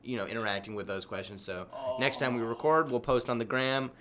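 A man's voice: medium pitch, a little fast, a crowd in the background. A young man cohosting a podcast, laid-back and slangy. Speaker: podcast co-host. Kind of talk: casual banter podcast.

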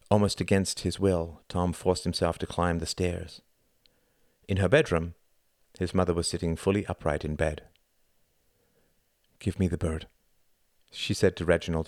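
A man reading an audiobook in a measured, deliberate scripted narration. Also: sits low, darkish tone, no echo, studio quality.

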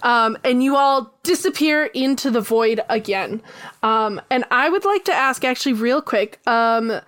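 A woman's voice: on the high side, expressive, unhurried, fairly bright tone, smooth. A woman narrating as game master of a tabletop game over a voice call, chatty and bubbly with many ums.

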